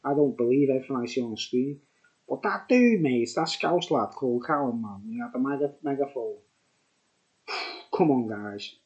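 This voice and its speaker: Speaking at a moderate pace, the man has a medium-pitched, slightly mellow voice recorded in lo-fi. Tipsy after drinking, this beer vlogger rambles repetitively on camera, forever adding "mate" and "right?".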